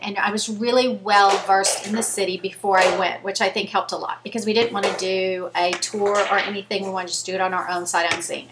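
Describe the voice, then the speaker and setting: A woman's voice: on the high side, fairly bright tone, a little hiss or hum. Chatty woman in her fifties. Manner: chatty, earnest storytelling, addresses viewers directly. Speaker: vlogger. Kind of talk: casual chat to camera.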